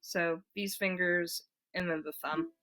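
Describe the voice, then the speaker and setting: A woman giving a casual ukulele lesson, talking in a relaxed way with many fillers and counting beats aloud. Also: lowish voice, a little slow, over loud music. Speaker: ukulele teacher. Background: ukulele strumming.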